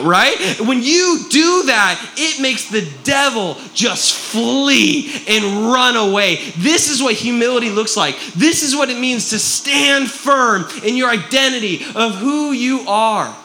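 A man preaching a sermon, telling a story in an animated way and often checking in with his listeners. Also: extremely high pitch, measured pace, hardly any pauses. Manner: animated, keeps asking "right?".

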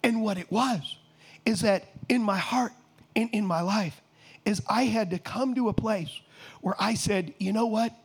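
Very high-voiced preacher, rising to shouts. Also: male voice, unhurried, husky. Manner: impassioned, rising to shouts, rhetorical questions to the congregation. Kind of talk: sermon.

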